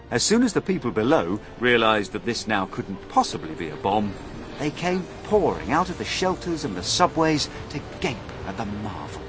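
A man reading a children's storybook aloud with expressive, dramatic storytelling. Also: medium pitch. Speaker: audiobook narrator.

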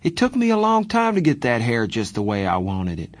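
A man's voice: mid-range voice, wildly swooping pitch, brisk, no echo, pitched above the performer's own voice. A man reading an audiobook and voicing a scared, homesick fourteen-year-old boy who breaks into tearful outbursts. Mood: frustrated. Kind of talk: audiobook character voice.

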